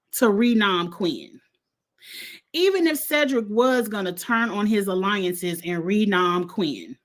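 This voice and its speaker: Woman, fairly high voice, profane, heated, animated casual rant. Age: adult with a son in college. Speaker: vlog host reacting to a reality show. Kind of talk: casual reaction commentary.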